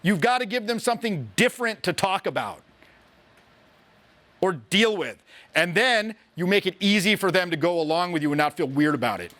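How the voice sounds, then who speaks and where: Man, social skills coach, high voice, bright, profane animated storytelling. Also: moderate pace. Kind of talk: casual explaining to camera.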